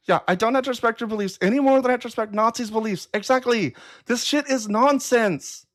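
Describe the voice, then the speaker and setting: A woman with a high-pitched voice hosts a casual live stream and answers viewers' comments as they come in. She talks bluntly and swears freely, with a steady note of exasperation. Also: fairly quick. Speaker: livestream host. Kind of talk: casual livestream talk reading chat comments.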